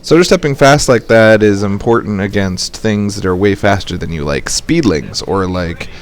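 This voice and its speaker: A man's voice: normal speed, a little hiss or hum. A young man giving casual, joking commentary over a strategy game at his computer, explaining tactics. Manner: joking, playful, jumps into high squeaky voices when quoting. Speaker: game caster and coach.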